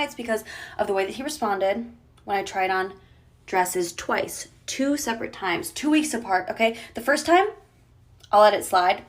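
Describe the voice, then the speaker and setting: A woman telling a casual storytime vlog, acting out each line of a conversation with rising exasperation. Her voice sits at an ordinary middle pitch. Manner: dramatic, exasperated, acts out quotes. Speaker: storytime creator.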